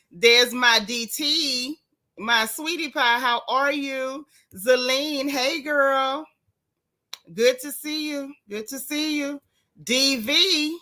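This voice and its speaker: A woman's voice: fairly high pitch, bright, forceful tone. A woman hosting a casual live stream, chatting and greeting viewers by name with down-home slang.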